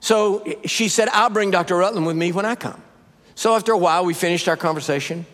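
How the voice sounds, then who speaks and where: Older male preacher, storytelling sermon, pitched high, long reverb of a big sanctuary. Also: a little fast. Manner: animated, rising to high emphatic peaks. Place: church sanctuary.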